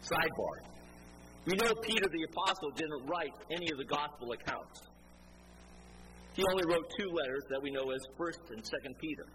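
Animated male preacher, noisy room. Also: a little high, normal speed. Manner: animated, acts out quoted dialogue. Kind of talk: sermon storytelling. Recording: noisy ambience behind voice.

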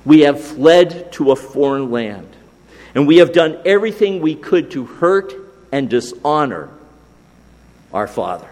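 A man preaching a sermon, slow and deliberate, dropping to a hush on key phrases. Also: fairly high pitch, lively intonation. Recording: long hall reverb.

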